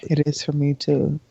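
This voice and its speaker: A woman's voice: low voice, gravelly, warm tone, slight background noise. A woman co-hosting a casual podcast chat, talking in an indecisive, exasperated way with frequent sighs. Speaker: podcast co-host. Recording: dry, slightly dull.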